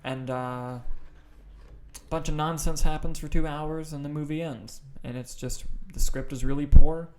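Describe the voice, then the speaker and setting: A man's voice: on the high side, fairly even intonation, moderate pace, a little mellow, slight background noise. A man co-hosting a movie podcast, talking in a loose, enthusiastic way with plenty of swearing and fillers. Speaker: podcast co-host. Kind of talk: casual chat.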